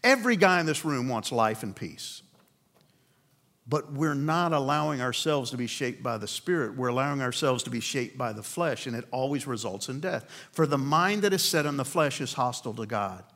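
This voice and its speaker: A man preaching a sermon to a men's group, earnest and asking rhetorical questions, slowing down to land key points. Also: mid-range voice, lively intonation, fairly bright tone.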